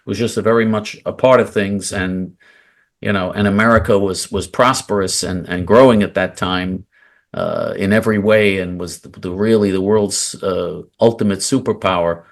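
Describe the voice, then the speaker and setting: A man with a fairly low voice hosts a relaxed conversation. He rambles, circles back often and fills pauses with filler words. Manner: rambling, many fillers and restarts. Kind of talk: casual chat.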